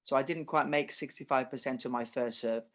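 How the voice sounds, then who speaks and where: A middle-aged man coaching through a relaxed podcast conversation. He explains ideas with lively acted examples and a conversational, expressive manner. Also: mid-range voice, fairly quick. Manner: animated storyteller, uses acted examples. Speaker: tennis coach. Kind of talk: casual podcast chat.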